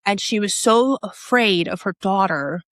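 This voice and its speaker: A woman's voice: medium pitch, unhurried, a bit bright, dry recording, clean studio sound. A woman telling a personal story as a podcast guest, animating it by acting out other people's lines and her own reactions, in a casual, restart-filled way. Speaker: podcast guest, app founder.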